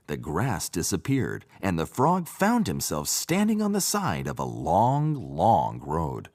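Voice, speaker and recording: A man narrating a children's storybook in an expressive, sing-song reading voice. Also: lowish voice. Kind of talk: storybook read-aloud narration.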